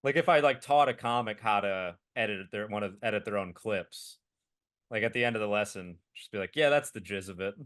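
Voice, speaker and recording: A male comedian co-hosting a podcast, bantering in a sarcastic, deadpan way. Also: lowish voice, brisk. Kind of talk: casual chat.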